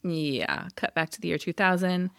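With a lowish, creaky, somewhat bright voice, a woman co-hosting a podcast casually walks through a TV episode and acts out what the characters say. She keeps a moderate pace, and the sound is dry and clean, like a studio.

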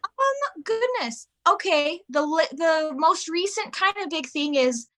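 A woman in her thirties, chatting casually as a podcast guest and telling an animated story. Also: very high voice, slow pace. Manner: animated storyteller, acts out voices of her kids. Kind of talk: casual chat.

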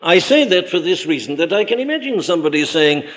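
An emphatic male preacher delivering a sermon. His voice sits a little high for a man and swings widely in pitch, leaping up on key words and sinking low and quiet for contrast. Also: sing-song, quick pace, few pauses.

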